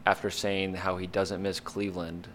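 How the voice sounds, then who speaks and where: A man's voice: deep voice, little pitch movement, normal speed, a bit bright, slight background noise. A man hosting a casual sports podcast, upbeat, loose and chatty. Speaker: podcast host.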